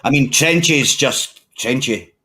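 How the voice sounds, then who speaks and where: A man's voice: mid-range voice, measured pace, bright, forceful tone, slightly rough. A man with a Scottish accent, telling long sweary stories in a casual chat among friends. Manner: sweary, rambling storyteller.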